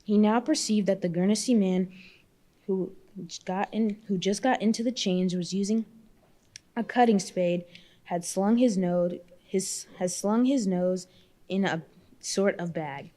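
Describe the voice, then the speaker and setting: A woman reads a classic novel aloud at a public marathon reading. Her voice is mellow and sits a little low, and she often stumbles and backs up to restart a phrase. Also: unhurried. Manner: reads with frequent slips and restarts. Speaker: volunteer reader.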